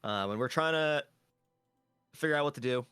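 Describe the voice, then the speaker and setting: A man's voice: fairly high pitch, normal speed, bright, forceful tone, smooth, dry recording, studio quality, faint music behind. A man, a tabletop game player, casually recapping a session in a rambling way with lots of fillers.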